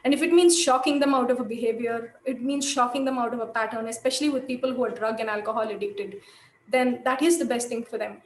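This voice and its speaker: A woman's voice: on the high side, quick pace, echoey room, rough recording. A woman giving a lecture, telling a case story thoughtfully with many fillers and restarts.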